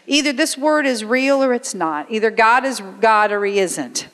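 A woman's voice: fairly high pitch, lively intonation, moderate pace, fairly bright tone. A middle-aged woman preaching a sermon in a church, emphatic and conversational, firing off rhetorical questions. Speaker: guest speaker at a church. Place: church sanctuary. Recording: long hall reverb.

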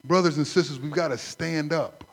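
A man preaching a sermon, conversational and animated, acting out stories. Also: fairly high pitch, normal speed. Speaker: pastor.

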